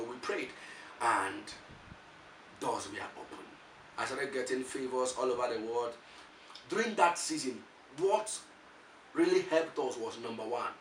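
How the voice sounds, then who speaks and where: A male preacher with a Nigerian accent and a middle-pitched voice gives a motivational testimony with lively, animated energy, stumbling and repeating words. He's recorded from far off in an echoey room with a faint hiss of background noise.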